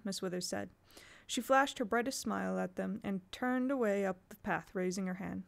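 Gravelly woman reading a storybook. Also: mid-range voice, moderate pace, hardly any pauses. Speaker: audiobook reader. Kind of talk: storybook narration.

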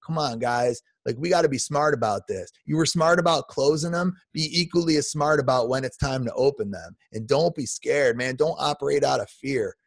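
A man's voice: medium pitch, moderate pace, vocal fry, hardly any pauses, slightly rough, no room sound. Fortyish male guest, emphatic impassioned rant, dry closely miked voice. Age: 40s. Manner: passionate, emphatic, many restarts and repeats. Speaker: podcast guest.

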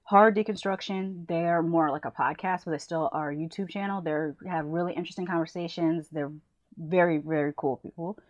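A woman from the United States, a movie reviewer, chatting casually and enthusiastically while giving shout-outs to other channels. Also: lowish voice, steady tone, fairly quick, dry recording, lo-fi sound.

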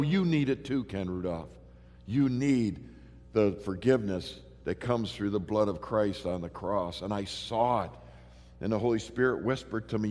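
A man's voice: fairly low pitch, darkish tone. A middle-aged man preaching a sermon, telling stories animatedly with many fillers and restarts. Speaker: pastor. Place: large church hall. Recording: long reverb of a church hall.

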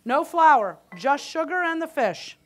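A woman's voice: high voice, sing-song, unhurried, fairly bright tone, faint music behind. A woman giving a live cooking demonstration at a conference, chatty and joking with the audience as she cooks, a little winded. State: slightly winded. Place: conference hall kitchen stage.

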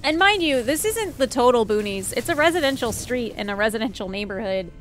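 A woman's voice: a little high, expressive, a little fast, fairly bright tone, slight background noise. A young woman streamer chatting casually while playing, rambling through stories with lots of fillers. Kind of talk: casual gameplay chat.

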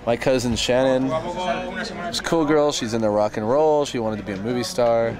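A young man spins a rambling, swear-filled road story while riding in a tour vehicle, chuckling at his own punchlines. His voice sits at an ordinary pitch. A loud crowd murmurs behind him. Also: normal speed. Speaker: band member on tour. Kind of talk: casual storytelling.

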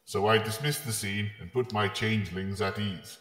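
A man's voice: fairly low pitch, steady tone, normal speed, few pauses, fairly bright tone, echoey room, long reverb tail. A man co-hosting a comedy podcast, gleefully narrating an outrageous villain's scheme. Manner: gleeful, playfully villainous storytelling. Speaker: podcast co-host.

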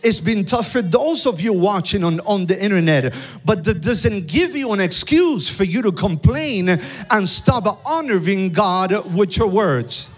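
A man's voice: high voice, expressive, moderate pace. A man preaching a sermon in a church, using call-and-response with the congregation. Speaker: pastor. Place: church sanctuary with live congregation.

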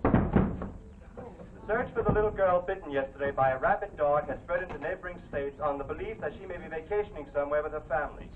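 An actor playing a radio newscaster reading local news in an even, formal manner, heard as a tinny radio from across the room. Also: male voice, on the high side, fast, recorded from a distance, a little hiss or hum, natural voice.

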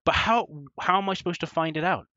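A man giving excitable first-impressions commentary while playing an old console game, swearing and yelping at enemies. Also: high voice, quick pace, no room sound, muffled recording. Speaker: gaming channel host. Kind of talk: let's play commentary.

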